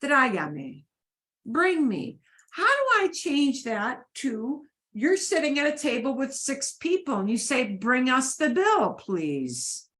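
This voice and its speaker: Female Spanish teacher, higher voice, slow and patient, repeats drills for the class. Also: sing-song, fairly bright tone. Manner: patient, repeats phrases for students to echo. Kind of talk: beginner language class.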